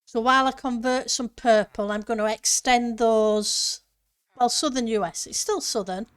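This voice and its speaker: A woman's voice: on the high side, normal speed, smooth. A woman streamer chatting casually with her viewers and answering chat while she plays a building game. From northern part of her country.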